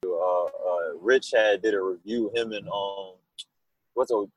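A man with a fairly low, husky voice chats casually in an interview. He rambles and tells animated stories. The sound is dry and close. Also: slow pace, no room sound, dull audio. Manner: rambling, animated storytelling with laughs. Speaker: musician guest.

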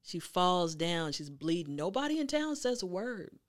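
A woman hosting a motivational talk, telling a story in a chatty, emphatic, animated way. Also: fairly low pitch, normal speed. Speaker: host.

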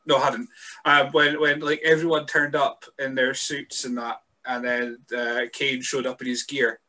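Brief: male podcast host, laid-back and sweary, bright forward voice. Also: mid-range voice, level tone, moderate pace. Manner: easygoing, sweary, hesitant with fillers. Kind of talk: casual podcast chat.

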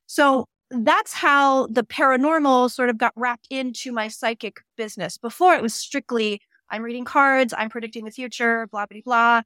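Guest medium, female, higher-pitched, dry recording; vivid anecdotal teller who swears casually. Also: moderate pace, hardly any pauses, smooth, no echo. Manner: lively anecdotes, acts out quoted voices, swears casually. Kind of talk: casual storytelling.

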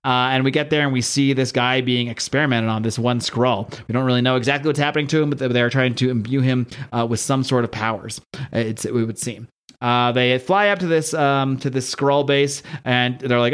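A man's voice: medium pitch, quick pace, a bit bright. A man hosting a podcast who recaps a cartoon episode in a joking, irreverent way, with swearing. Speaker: podcast host.

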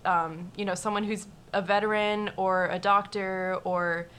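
Young woman chatting, deadpan humor. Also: medium pitch, a little slow, slight background noise. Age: 20s. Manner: joking, deadpan about grief. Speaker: guest. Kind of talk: casual chat.

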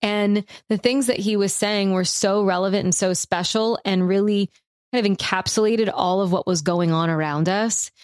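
A woman in her thirties telling a personal story in a relaxed, rambling way, with lots of fillers as she co-hosts a podcast. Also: medium pitch, moderate pace, clear, resonant tone, no room sound, clean studio sound. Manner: reflective, rambling with frequent fillers.

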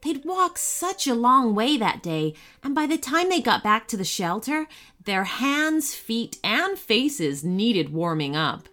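A woman narrating a scripted children's story in an expressive, storytelling way. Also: on the high side, slow.

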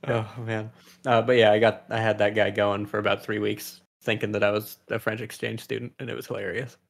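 A man's voice: lowish voice, level tone, fairly quick, creaky. A young man chatting casually as a podcast co-host, teasing and laughing often. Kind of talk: casual chat.

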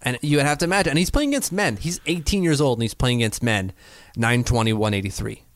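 A man's voice: medium pitch, expressive, quick pace, no echo. A man co-hosting a casual sports podcast, rambling and hedging as he talks. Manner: rambling, hedging, lots of fillers and restarts. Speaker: podcast co-host.

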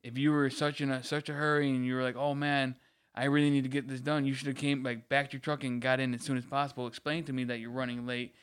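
A man's voice: mid-range voice, flat delivery, fast talker, a bit bright, clear, resonant tone. A man in casual podcast chat, ranting about a late customer and acting out both sides. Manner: ranting, repeats words, acts out quoted customers. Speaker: podcast co-host.

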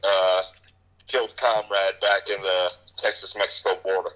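Male co-host, low pitch, bright tone, brief deadpan interjections. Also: moderate pace, low-quality recording. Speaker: podcast co-host. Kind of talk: casual chat.

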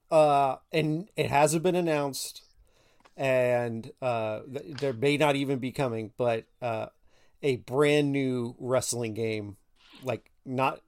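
A man from Florida co-hosting a laid-back podcast, with an ordinary pitch. He jokes around and is quick to make fun of himself. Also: darkish tone. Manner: jokey, self-deprecating. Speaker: podcast co-host. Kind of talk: casual podcast chat.

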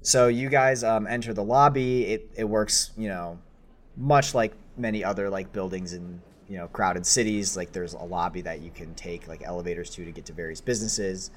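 A man's voice: low voice, normal speed. A man running a tabletop game as game master, describing scenes in a casual, rambling way with many fillers.

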